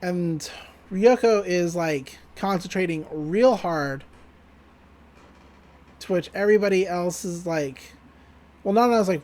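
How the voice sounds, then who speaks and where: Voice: medium pitch, unhurried. Laughing anime podcast co-host. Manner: retells scenes, quoting characters in lively voices; loose and profane, laughing often. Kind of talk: casual episode recap.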